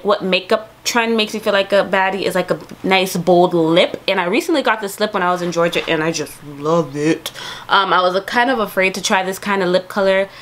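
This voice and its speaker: A woman's voice: medium pitch, a bit bright. Chatty young woman vlogger. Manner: chatty, upbeat, many fillers. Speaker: beauty vlogger. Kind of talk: casual makeup tutorial chat.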